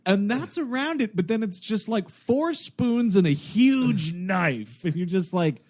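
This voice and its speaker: A man's voice: high voice, sing-song, unhurried, a little mellow. A man co-hosting a comedy podcast, joking and breaking into bits. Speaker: podcast co-host. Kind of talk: casual comedic chat.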